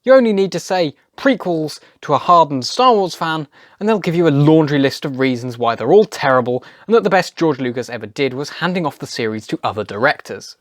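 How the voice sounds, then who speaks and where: A man's voice: a little high, expressive, brisk, dry recording. A man narrating a scripted video essay in a wry, opinionated way.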